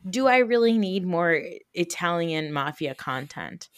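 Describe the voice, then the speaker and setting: A woman in her thirties with a New Jersey accent, hosting a podcast in animated, casual chat full of fillers and swearing. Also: lowish voice, measured pace, no room sound, clean studio sound. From North Jersey, USA. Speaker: podcast host.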